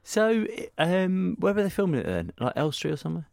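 A man's voice: sits high, big pitch swings, gravelly, darkish tone, no room sound, clean studio sound. A man chatting casually, teasing his co-host and joking at his own expense. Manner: teasing, self-mocking, quick to laugh. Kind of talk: casual chat.

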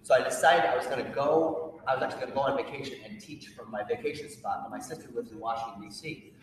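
Fast-talking man telling a story in an echoey hall. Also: mid-range voice. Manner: animated storyteller, acts out quotes. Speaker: teacher. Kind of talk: telling a personal story to an audience. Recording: echoey hall, distant mic, faint noise.

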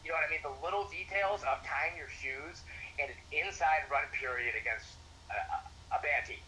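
A man's voice: on the high side, normal speed, sharp tone, slight background noise, rough recording. A young man, a former college football coach, telling stories in a casual interview with lots of fillers and restarts. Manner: rambling, many restarts and fillers.

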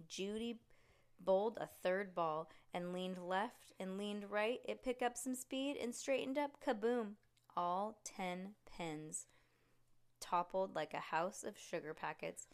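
A woman reading a picture book aloud to a child at home, relaxed and chatty with small slips. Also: mid-range voice, takes it slowly, clear, resonant tone.

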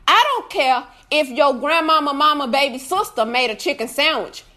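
A woman ranting in a casual review on a live video, loud and profane, often shouting and laughing through her complaints. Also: high-pitched, lively intonation, normal speed.

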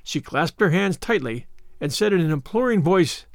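Guy reading a storybook, fairly high voice, goes up and down a lot. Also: animated, moderate pace, vocal fry, dry recording, clean studio sound. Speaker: audiobook narrator. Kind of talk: scripted narration of a classic novel.

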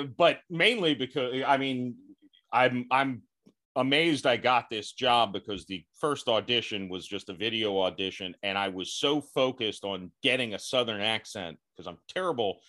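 Man, podcast host, mid-pitched voice, chatty, quick to laugh. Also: fairly bright tone. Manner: chatty, laughs often between thoughts. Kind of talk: casual interview chat.

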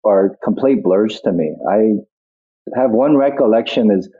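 A man's voice: lowish voice, a little slow, slightly rough. A middle-aged man, a guest actor, reminiscing in a casual interview, rambling and reflective with many restarts. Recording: tinny phone-like line.

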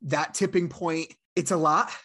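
A man's voice: fairly high pitch, fairly even intonation, measured pace, sharp tone. A man hosting a podcast interview, casual and affirming toward his guest. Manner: supportive, affirming, says "man" and "dude". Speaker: podcast host.

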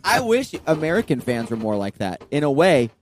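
A man in casual podcast chat, telling animated tour stories and acting out fans' lines. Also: on the high side, normal speed, a little hiss or hum. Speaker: podcast guest, touring musician.

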